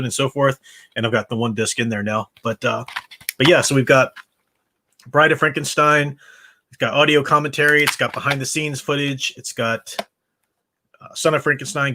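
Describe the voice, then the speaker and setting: A man's voice: mid-range voice, bright, forceful tone. A man hosting a casual movie-rewatch livestream, rambling with many restarts over a computer mic. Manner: rambling, with frequent fillers and restarts.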